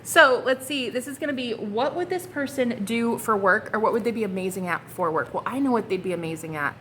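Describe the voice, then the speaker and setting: A young woman doing a casual tarot reading, excitable and flustered, swearing casually and calling her viewers honey and girl. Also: a little high, a little fast, slight background noise. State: flustered and hot. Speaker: tarot reader.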